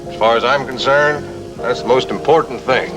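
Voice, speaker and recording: An actor in a 1980s TV soap playing a smooth, genial company boss. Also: male voice, medium pitch, moderate pace, over music, close to an everyday voice.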